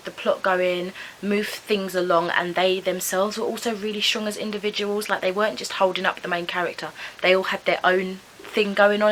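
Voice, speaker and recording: A woman's voice: mid-range voice, pushed and bright, a little hiss or hum, rough recording. A young woman chatting casually through her book reviews, rambling with lots of "like" and "kind of" and often unsure how to say names. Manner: hedging, unsure of name pronunciations. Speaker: book vlogger.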